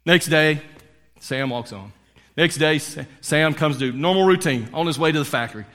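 A man preaching in a relaxed, conversational way, telling a story with frequent "uh"s and "and, um"s. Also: on the high side, moderate pace, in a large hall. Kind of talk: storytelling sermon.

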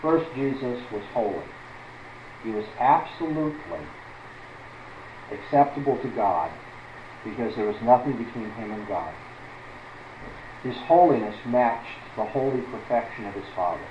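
A man's voice: mid-range voice, lively intonation, unhurried, long pauses, roomy sound, noisy background. A man teaching through a Bible passage as a preacher, stressing words one by one and putting questions to his listeners.

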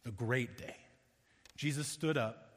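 A man's voice: mid-range voice, slow pace, fairly bright tone, in a large hall. A man preaching a sermon in a conversational way, reading scripture aloud and briefly acting out the voices of the people in it. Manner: conversational, acts out the voices in the passage.

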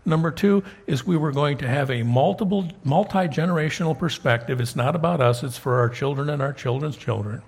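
A man's voice: a little high, fairly quick, gravelly, hardly any pauses, breathy edge. A middle-aged man preaching a sermon as pastor in a church, talking to his congregation in a conversational way and rising emphatically on key points. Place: church sanctuary.

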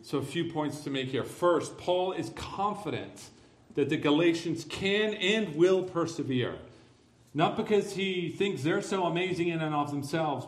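A man preaching a sermon, emphatic and building to forceful declarations, with dry sarcastic asides. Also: a little high, roomy sound. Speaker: pastor.

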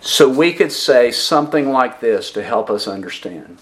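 A man preaching a sermon as a pastor, slow and deliberate, asking the congregation questions and answering them himself, with emphatic pauses on key words. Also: mid-range voice, expressive. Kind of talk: expository sermon.

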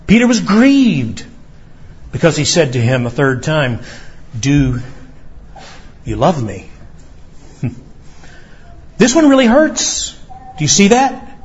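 Earnest preaching man, husky voice. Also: high-pitched, sing-song, a little slow, long pauses, dull audio. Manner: earnest preaching, acts out quoted dialogue, stammers on restarts. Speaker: pastor. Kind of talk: sermon. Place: church sanctuary.

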